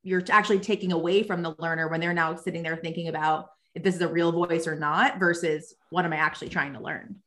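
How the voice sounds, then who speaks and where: A woman's voice: sits low, fairly even intonation, quick pace, few pauses, fairly bright tone. A woman hosting a podcast, talking in a casual, enthusiastic way with many restarts. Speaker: podcast host. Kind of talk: casual interview conversation.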